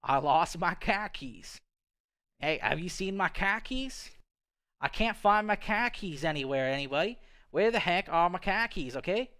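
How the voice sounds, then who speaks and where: A man's voice: sits high, expressive, brisk, hardly any pauses, clear, resonant tone. A man putting on a drawling Boston guy. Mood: exasperated. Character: Boston-accented man hunting lost car keys.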